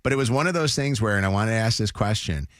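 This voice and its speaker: A middle-aged man hosting a morning radio show, telling a story in an animated, chatty way. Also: on the low side, quick pace, no room sound, clean studio sound. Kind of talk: casual morning radio chat. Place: radio studio.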